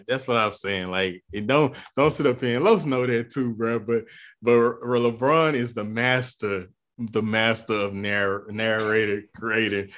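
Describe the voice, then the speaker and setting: A man's voice: fairly low pitch, fairly bright tone. A man co-hosting a casual sports podcast, arguing his point insistently in colloquial speech. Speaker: podcast co-host.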